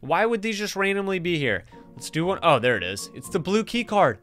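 A man giving live gameplay commentary as a gaming creator, excitable and talking to the game's characters and to his viewers. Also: sits high, brisk, faint music behind. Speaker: gaming YouTuber.

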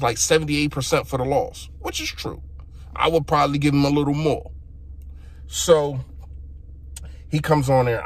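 A young man delivers a frustrated sports opinion rant and talks straight to his listeners. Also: fairly high pitch. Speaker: sports fan vlogger.

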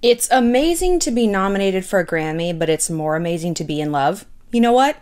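A woman hosting casual gossip commentary, talking in an animated, candid and sarcastic way. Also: medium pitch, fairly quick, clear, resonant tone. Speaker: pop culture commentary host.

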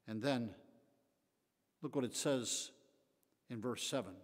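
An older man, the pastor, teaching a Bible study in a folksy preaching style, rising to emphatic bursts and then dropping to quiet asides. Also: medium pitch, big pitch swings, measured pace, pauses often. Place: church sanctuary. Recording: long echoey hall reverb.

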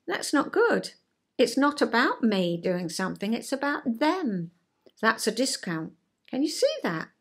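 An older woman talking through a lesson in an easygoing, chatty vlog. Her higher voice swings up and down with great liveliness. She takes her time and keeps asking her listener homely rhetorical questions. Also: big pitch swings, a little slow, slightly rough. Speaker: retired counsellor and vlogger. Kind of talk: chatty explanatory vlog talk.

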